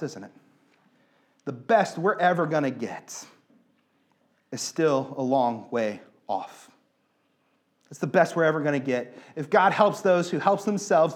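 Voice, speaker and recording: A man in his thirties, a pastor preaching an animated sermon and driving points home by repeating phrases. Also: on the high side.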